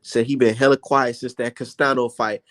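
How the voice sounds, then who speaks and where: A man's voice: mid-range voice, level tone, normal speed, a bit bright. A young man hosting a heated, profane rant about boxing and reading viewer comments aloud. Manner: profane, blunt, exasperated. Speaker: boxing commentator and channel host.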